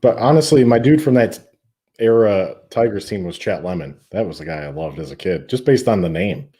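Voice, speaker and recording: Low, mellow-voiced male podcast guest. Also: lively intonation, brisk, husky. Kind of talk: casual podcast chat. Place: home in Ireland, remote call.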